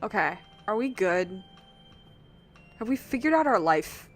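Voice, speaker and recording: Give me an excitable woman casually commentating her game stream with soft music underneath. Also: medium pitch, a little slow. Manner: excitable, swears when frustrated.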